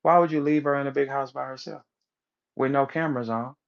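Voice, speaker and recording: A man's voice: medium pitch, a little fast, creaky. Man ranting profanely on a lo-fi stream. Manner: profane, animated storytelling, acts out voices of others. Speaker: online audio room speaker. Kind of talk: heated casual rant. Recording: dull lo-fi audio stream.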